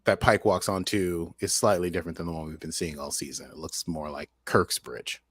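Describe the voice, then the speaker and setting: A man's voice: low-pitched, fairly even intonation, fairly quick, a bit bright, slightly rough, dry recording. A man co-hosting a podcast in casual chat, rambling and jokey. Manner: chatty, rambling, jokey asides. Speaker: podcast co-host.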